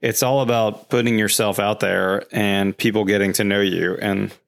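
A man, a guest on a podcast, telling long casual stories about his building business in a rambling, animated way, acting out quotes. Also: fairly low pitch, normal speed, vocal fry.

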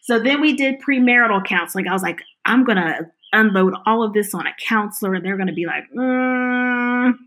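A woman's voice: medium pitch, fast talker, few pauses. A middle-aged woman telling her personal story in an interview, acting out the lines of the people she quotes. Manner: animated, acts out quoted dialogue.

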